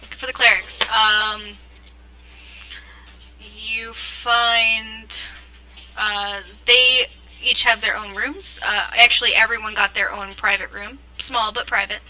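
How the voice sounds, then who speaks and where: A woman narrating a tabletop role-playing game as game master, relaxed, with plenty of fillers and pauses. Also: medium pitch, poor audio. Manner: relaxed, hesitant with fillers and frequent laughs.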